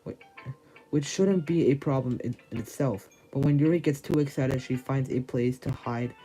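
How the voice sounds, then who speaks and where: A man's voice: mid-range voice, moderate pace, dark tone, soft background music, lightly acted, poor audio. A man voicing a confident, controlling girl who leads a club, reading game dialogue aloud with small stumbles.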